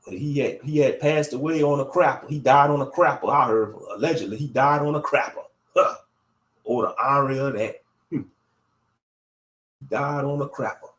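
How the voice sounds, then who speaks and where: A man's voice: medium pitch, normal speed, long pauses, fairly bright tone. A man delivering a blunt, heated commentary rant as a YouTube commentator. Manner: blunt, heated, repeats catchphrases. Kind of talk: ranting commentary.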